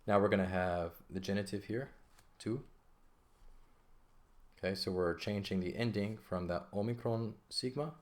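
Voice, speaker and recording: Low-voiced man teaching a grammar lesson. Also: fairly even intonation, fairly quick, hardly any pauses. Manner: patient, repeats points, checks in with "okay?". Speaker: Greek teacher. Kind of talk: casual lesson explaining grammar.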